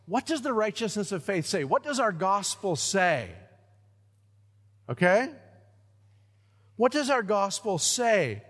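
A man preaching a sermon in a church sanctuary, his voice sitting high for a man. He is animated, pushing some lines out loud and emphatic, then dropping to hushed, low phrases. The sound carries a long reverb from the large hall. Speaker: pastor.

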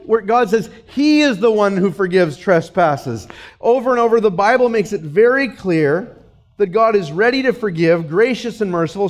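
A male pastor delivers a sermon in a notably high voice. He drives his points home through emphatic repetition and sinks low and soft when quoting. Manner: preaching with emphatic repetition, dropping low and soft for quoted lines.

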